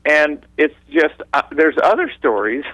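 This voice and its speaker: Male co-host, mid pitch, rambling reflective chat, dry close sound. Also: sing-song, measured pace, fairly bright tone, no room sound, rough recording. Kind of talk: casual chat.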